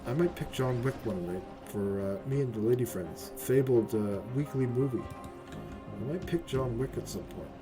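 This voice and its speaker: Music plays under a man with a mid-range voice who talks at a moderate pace while streaming a game. Excitable and profane, he chats to his viewers casually and keeps ending his lines with "right?".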